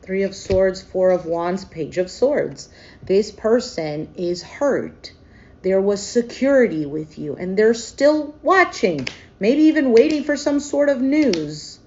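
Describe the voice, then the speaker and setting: A woman reading tarot in a loose, chatty way. Her voice sits in an ordinary middle register. She is openly emotional, pauses often and thinks aloud, and the recording sounds dull and lo-fi. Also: medium pitch, expressive, dark tone, a little hiss or hum. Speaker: tarot reader. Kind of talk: casual tarot reading to camera.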